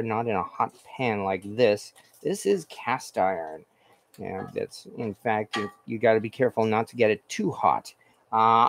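His voice sits at a medium pitch and has a creaky quality. As host of a home cooking stream, he cooks at the stove and reads out viewer comments, chatting casually. The talk wanders, packed with fillers, false starts and self-corrections.

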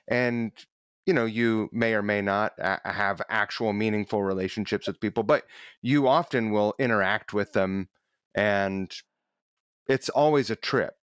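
Man, smooth clear voice, dry close sound, podcast host, slow halting questions. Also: on the low side, dry recording. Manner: slow, searching, halting phrasing. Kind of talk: casual interview.

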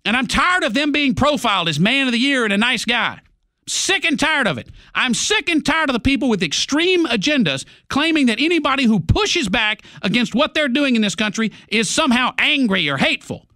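Male radio host, combative ranter, high pitch, dry close sound. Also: sing-song, brisk, pushed and bright, no room sound. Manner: angry, sarcastic, combative. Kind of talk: political rant.

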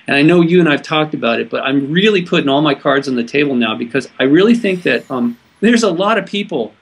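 A man from California with a somewhat high, husky voice recounts a personal experience to an interviewer. He talks earnestly and haltingly, often breaking off and restarting his sentences. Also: animated. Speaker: interview guest. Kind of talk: personal storytelling in conversation.

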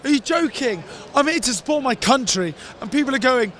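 Irate rugby fan ranting. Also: male voice, very high voice, lively intonation, brisk, a little hiss or hum. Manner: irate, swearing, shouting. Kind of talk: vox pop rant. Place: outdoors outside a stadium.

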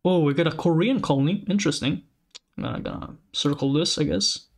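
A man hosting a casual commentary, reading lore aloud and reacting with excited, rambling asides. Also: a little high, a little fast. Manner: excitable, rambling, frequent restarts and exclamations. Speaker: channel host.

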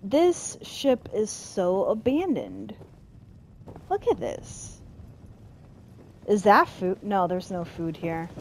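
A woman's voice: mid-range voice, big pitch swings, slow pace, long pauses, slight background noise, poor audio. Amused woman commenting on gameplay. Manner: amused, playful reactions. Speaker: gameplay streamer.

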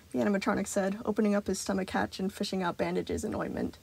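A woman narrating a fan fiction story, reading in a steady, expressive way. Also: mid-range voice, fast, gravelly, hardly any pauses, breathy edge.

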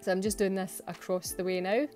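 A woman's voice: medium pitch, little pitch movement, a little fast, a little mellow, faint music behind. A Scottish woman chatting through a home voice-over for her nail art videos, self-mocking and laughing often. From Scotland. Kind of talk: casual voice-over narration.

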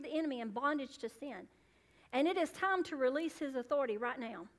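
A woman pastor preaching a sermon in church, calling out to the congregation and rising to loud, fervent peaks. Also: high-pitched, lively intonation, brisk. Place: church sanctuary.

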